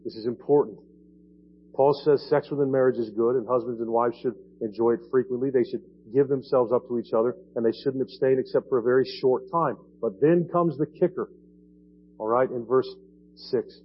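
A man preaches in a church, relaxed and conversational, with frequent "right?" tags aimed at the congregation. The recording sounds dull and lo-fi, with a faint hum underneath. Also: medium pitch, a little fast. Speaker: pastor. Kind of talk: sermon. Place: church sanctuary.

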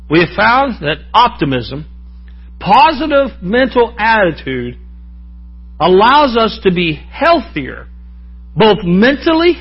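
Husky high-voiced man preaching. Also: muffled recording. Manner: folksy, joking, asks the crowd for amens. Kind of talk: sermon.

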